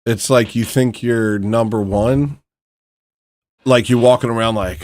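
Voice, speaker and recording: A man's voice: fairly low pitch, moderate pace, darkish tone, dry recording, studio quality. A man hosting a casual livestream, rambling and muttering to himself in a frustrated way. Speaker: livestream host.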